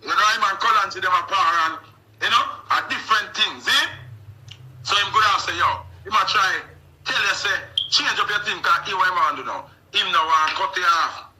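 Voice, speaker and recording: A man's voice: high voice, a little fast, low-quality recording. A man with a Jamaican accent talking casually on a radio show, telling stories in patois and often asking if you see him. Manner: animated patois storytelling, frequent "you see me?". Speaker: radio host. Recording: radio studio mic.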